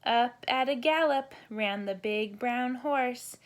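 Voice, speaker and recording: Slow, gentle storybook reader, woman. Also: fairly high pitch. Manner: gentle, sing-song reading with animal sounds. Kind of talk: children's storybook read-aloud.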